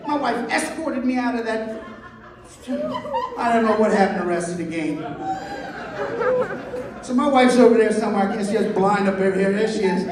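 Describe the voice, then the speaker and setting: A man's voice: high-pitched, normal speed, pauses often, a crowd in the background. A man in his fifties performing a crude stand-up set, telling stories and acting out the dialogue himself. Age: 50s. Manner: crude storytelling, acts out dialogue. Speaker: stand-up comedian. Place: club stage with live audience. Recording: echoey hall from far off. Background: audience laughter.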